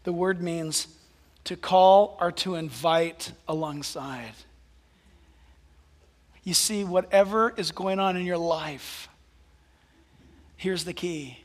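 A male pastor preaching a sermon, animated, dropping to hushed asides and rising to loud exclamations. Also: sits high, slow, pauses often, in a large hall.

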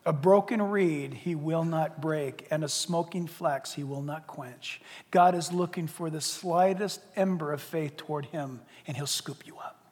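An older man preaching a sermon, animated, dropping to hushed tones and rising to loud cries. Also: a little high, measured pace, hardly any pauses. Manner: animated, swings from hushed to shouting. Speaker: pastor. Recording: long hall reverb.

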